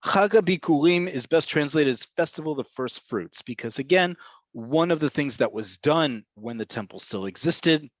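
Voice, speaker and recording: A man's voice: a little high, expressive, moderate pace, no echo, highs cut off. A man giving an online webinar lesson on Hebrew vocabulary, explaining patiently with frequent "um"s and "right?" check-ins. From Israel-based. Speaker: Hebrew teacher.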